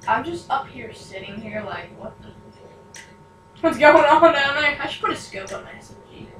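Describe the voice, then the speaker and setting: A woman's voice: high voice, lively intonation, moderate pace, a bit bright. A woman hosting casual gameplay commentary, chatty and self-mocking, who often laughs at her own mistakes. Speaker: gaming channel host. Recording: echoey room, distant mic, noisy.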